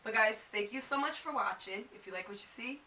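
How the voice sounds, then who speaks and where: Woman, twenties, high bright voice, echoey room, slightly off mic, chatty vlog. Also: fairly quick, distant mic, very noisy. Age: 20s. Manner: chatty, fills with "like". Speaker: vlogger. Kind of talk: casual chat to camera.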